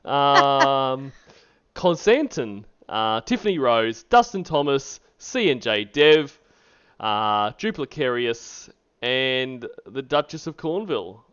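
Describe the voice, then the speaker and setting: A man chats casually on a stream, rambling and laughing as he goes. His pitch moves a lot, and his voice stays smooth and clear. The audio is a little dull and lo-fi. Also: big pitch swings, slow. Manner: laughs often, rambling shout-outs. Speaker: streamer host.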